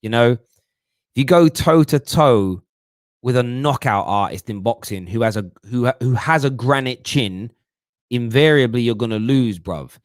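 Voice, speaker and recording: A man hosting a live football fan show, reading viewer comments and answering them in animated, slangy casual chat. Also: medium pitch, normal speed, dry recording, clean studio sound. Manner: animated, mocking put-on voices, London slang like "bruv". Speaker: football talk show host.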